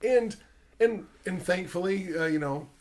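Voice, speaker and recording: Excitable rambling man hosting a podcast. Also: sits high, unhurried. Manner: rambling, excitable, swears often, many restarts. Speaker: podcast host. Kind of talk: casual chat about a film.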